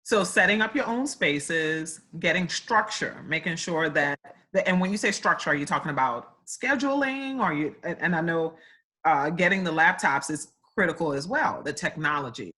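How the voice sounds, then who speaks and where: A woman's voice: lowish voice, lively intonation, normal speed, sharp tone, slightly rough. A woman hosting an interview, asking questions with frequent restarts and summing up her guest's answers. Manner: repeats and restarts, summarizes what guest said. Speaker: interviewer, host. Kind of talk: casual interview conversation.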